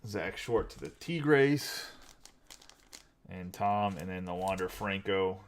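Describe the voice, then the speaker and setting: A man hosting a live card break, chatting casually and rattling off names quickly. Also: sits low, expressive.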